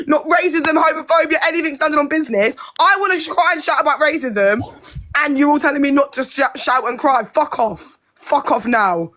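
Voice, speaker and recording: A woman's voice: sits high, fairly quick, fairly bright tone. A British woman in a heated live-stream argument, angry, swearing often and talking over the others.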